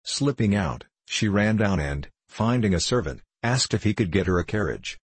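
Reading a classic novel aloud, a male audiobook narrator voices every character in a near-plain tone with only slight shifts. His fairly low voice swings widely in pitch, has a breathy edge, and moves at a moderate pace with no echo.

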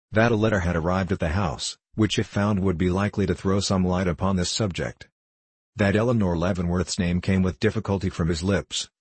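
Male audiobook narrator, low husky voice, dry sound. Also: dry recording.

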